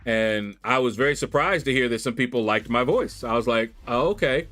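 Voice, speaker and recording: Speaking a little fast in a mid-range voice, a Kentucky man hosts a relaxed livestream chat with his viewers. He tells animated stories, laughs, and slips into squealing mock voices on a desk USB mic, faint music in the background.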